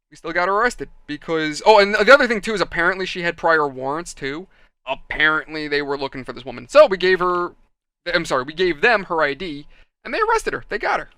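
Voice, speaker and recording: A man telling a rambling story in a chatty, animated way while building a model kit. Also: fairly high pitch, clear, resonant tone, no room sound. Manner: chatty, animated, acts out quoted people.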